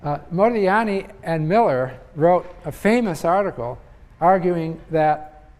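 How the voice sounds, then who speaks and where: Speaking unhurriedly in a slightly high, somewhat mellow voice with lively intonation, an older economics professor gives a conversational university lecture. He thinks aloud, often using fillers and restarting sentences. Long reverb from the large lecture hall colors the recording.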